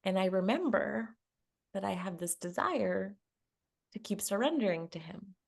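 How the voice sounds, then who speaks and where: Animated woman telling a story. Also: mid-range voice, unhurried, creaky. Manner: animated, laughs often, acts out quotes. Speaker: love coach, guest. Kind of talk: casual storytelling in a conversation.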